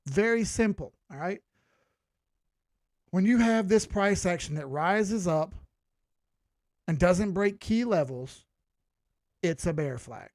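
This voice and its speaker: A man's voice: sits high, lively intonation, takes it slowly, pauses often, darkish tone, no room sound. A man hosting a live stream, walking viewers through a chart in a casual, joking way and asking them rhetorical questions. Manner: casual, chatty, full of rhetorical questions and jokes. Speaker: crypto chart analyst, stream host.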